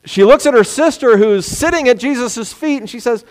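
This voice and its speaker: A man preaching a sermon, animated, sometimes acting out the words of people he quotes. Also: high voice, fairly quick, hardly any pauses, clear, resonant tone. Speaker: pastor. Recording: long hall reverb.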